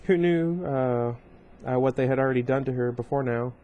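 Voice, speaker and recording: A man's voice: medium pitch, moderate pace, highs cut off. A man casually reading a novel aloud at home, breaking off often for rambling side comments full of fillers. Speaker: reader of a book series.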